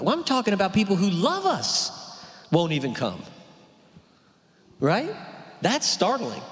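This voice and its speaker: A male pastor, talking through a sermon in a conversational way, full of rhetorical questions and "right?". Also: medium pitch. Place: church hall. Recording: long hall reverb.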